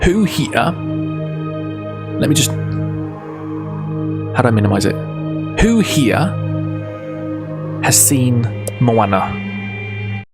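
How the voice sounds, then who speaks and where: A man's voice: medium pitch, very animated, very slow, gravelly, long pauses, over loud music. A man on a casual livestream who rambles, interrupts himself and laughs easily, then reads a book aloud.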